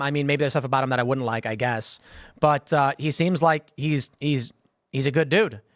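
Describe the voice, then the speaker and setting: Rambling man host, higher voice. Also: fairly bright tone, no echo, studio quality. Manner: rambling, repeats words when thinking. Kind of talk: casual commentary.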